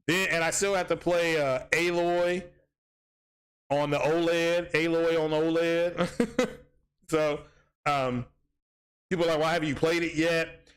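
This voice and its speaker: A man's voice: a little high, fairly even intonation, a little slow, long pauses, clear, resonant tone. A man hosting a casual gaming livestream, rambling with many ums and restarts as he reads chat aloud.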